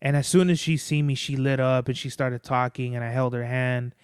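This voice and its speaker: In a fairly quick, clean-toned voice of medium pitch with little pitch movement, a Mexican-American podcast host chats casually on his own. He rambles, curses a lot, and leans heavily on "like" and "bro," captured in a dry, clean studio recording.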